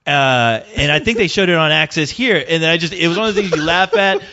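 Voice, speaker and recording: A man's voice: on the high side, fast talker. A man in casual chat who laughs often and backs up his friend's stories. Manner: laughs often, relaxed backchanneling. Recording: dull lo-fi sound.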